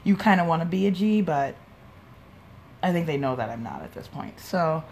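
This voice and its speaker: A woman's voice: low-pitched, lively intonation, moderate pace, gravelly, a little mellow, slight background noise. A young woman telling a rambling, swear-filled personal story as a podcast host, quoting people as she goes. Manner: rambling, swears freely, quotes people in little voices. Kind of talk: casual storytelling monologue. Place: home, sipping a drink while recording.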